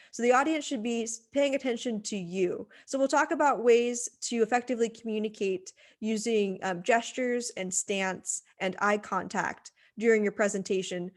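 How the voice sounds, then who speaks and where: A woman teaching presentation skills in a recorded lecture, conversational, with frequent fillers and restarts, speaking into a computer microphone. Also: a little high. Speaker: writing center instructor.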